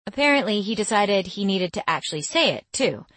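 A woman giving scripted first-person audiobook narration in a measured, intimate storytelling manner. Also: medium pitch, sing-song, fairly bright tone, no room sound.

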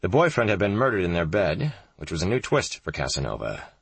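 A man reads a thriller audiobook in a deep, gravelly voice with a husky edge. His delivery is measured and grave. The recording is dry and close to the mic. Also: sing-song, fairly bright tone, dry recording. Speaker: narrator.

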